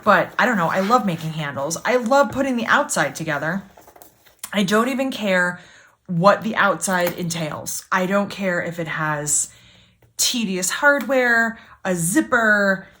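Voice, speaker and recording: With a sewing machine clearly running in the background, a sewing channel host talks through a casual sew-along. She speaks unhurriedly in a medium-pitched, sharp-toned voice with lively intonation, staying chatty and self-deprecating and complaining when things go awry.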